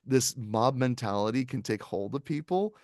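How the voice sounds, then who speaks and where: A man's voice: mid-range voice, moderate pace, dry recording. A male podcast co-host chatting casually about films, rambling through long stories full of fillers and restarts. His voice sits in a middle register, and the sound is dry and close. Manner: rambling, animated storytelling with frequent fillers. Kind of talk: casual movie review chat.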